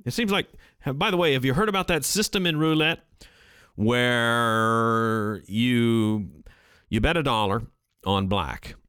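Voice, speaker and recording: A man's voice: medium pitch, slow pace, clear, resonant tone, dry recording. A man hosting a podcast, talking through his ideas in a casual, rambling solo commentary from his home studio. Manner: animated, rambling, thinks aloud. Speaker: podcast host. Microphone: studio microphone.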